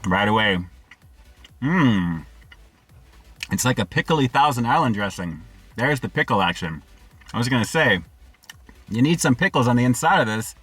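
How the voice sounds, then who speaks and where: Upbeat fast-talking male food reviewer. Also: medium pitch, animated, fairly bright tone, husky, faint music behind. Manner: upbeat, slangy, addresses viewers as guys. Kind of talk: casual food review vlog.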